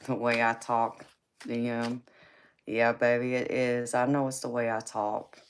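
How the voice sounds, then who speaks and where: A woman hosting a tarot live stream with a raspy voice. She answers viewers in a casual, forthright way and calls them baby and honey. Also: rumbling low, level tone, unhurried. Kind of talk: casual live-stream chat reading comments. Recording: clear background noise.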